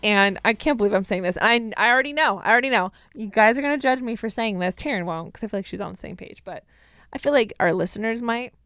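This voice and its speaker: A woman's voice: fairly high pitch, expressive, quick pace, fairly bright tone, no echo, faint music behind. A young woman co-hosting a podcast, telling rambling stories in casual chat. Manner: chatty, rambling storyteller. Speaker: podcast co-host.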